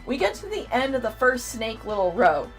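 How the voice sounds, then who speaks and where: A woman co-hosting a casual convention review, telling a story in an animated way with lots of swearing. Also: on the high side, moderate pace, soft background music. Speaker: podcast co-host.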